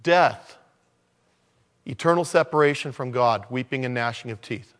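A man preaching a conversational sermon, dropping to low murmurs and then rising to loud, emphatic lines. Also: moderate pace. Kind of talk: sermon on evangelism.

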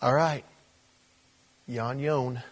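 A man preaching a sermon, telling a story that jumps between hushed asides and loud, emphatic high points. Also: fairly even intonation, extremely slow. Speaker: pastor.

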